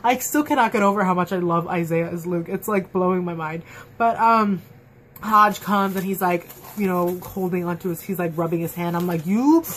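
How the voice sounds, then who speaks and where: A woman in a casual fan review, chatting at home in an excitable, gushing way full of fillers. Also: fairly low pitch, moderate pace, slight background noise. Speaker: TV episode reviewer. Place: at home, dog nearby.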